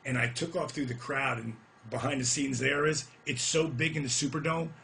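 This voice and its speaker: A gravelly middle-aged man telling his old wrestling stories in a loose, rambling rant. He swears freely and raises his voice when a moment excites him. His pitch sits in an ordinary middle range. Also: moderate pace, a little hiss or hum. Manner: animated, profane storyteller who gets loud reliving moments. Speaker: retired pro wrestler. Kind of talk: casual storytelling rant.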